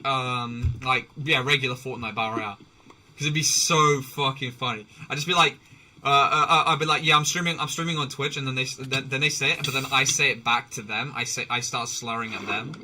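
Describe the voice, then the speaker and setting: A man's voice: mid-range voice, bright, forceful tone. A man streaming live while playing a game, chatting in a rambling way with restarts, swearing and laughter. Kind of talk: casual live-stream chat while gaming.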